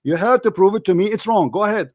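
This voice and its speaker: A man's voice: high-pitched, fast talker, dry recording, clean studio sound. A man hosting a heated call-in debate, talking in a combative, mocking way and repeating his phrases insistently. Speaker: host of a call-in debate show.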